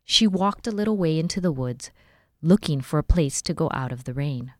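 Woman reading a storybook aloud, low-voiced. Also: lively intonation, moderate pace, a little mellow, dry recording, studio quality. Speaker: library volunteer reading aloud.

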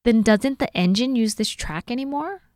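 A woman's voice: on the high side, lively intonation, moderate pace, darkish tone, no room sound, pitched above the performer's own voice, lightly acted. A small, fretful little boy , voiced by a woman reading aloud, with a plain, childlike way of talking. The reading is recorded dry and close. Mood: worried.

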